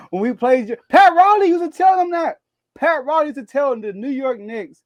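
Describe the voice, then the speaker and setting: A man co-hosting a casual sports podcast, animated and laughing often as he makes his case. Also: moderate pace, no room sound. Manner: animated, laughs often, rising pitch when excited. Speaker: podcast co-host.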